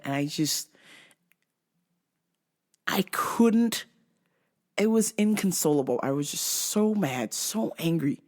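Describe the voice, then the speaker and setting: Here a young woman vlogger with a fairly low voice tells a comic story unhurriedly, pausing often. She curses liberally, stays animated, and erupts into shrieking laughter as she rants.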